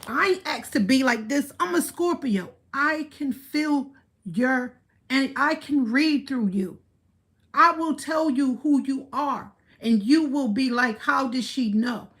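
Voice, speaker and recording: Brief: woman livestreamer, slightly high voice, slow and deliberate, blunt and profane, boastful. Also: fairly bright tone. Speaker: livestream host. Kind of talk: casual livestream rant.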